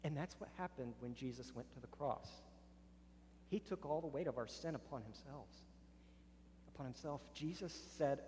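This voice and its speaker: A man preaching a sermon as a pastor, earnest, dropping soft on solemn lines. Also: mid-range voice, moderate pace, long reverb tail, slight background noise. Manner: earnest preaching, drops soft on solemn lines, rises sharply in acted arguments.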